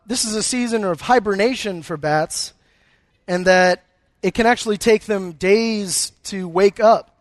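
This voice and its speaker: High-voiced man preaching with humor. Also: dry recording. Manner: conversational storytelling with humor, repeating words. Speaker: pastor. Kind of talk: sermon.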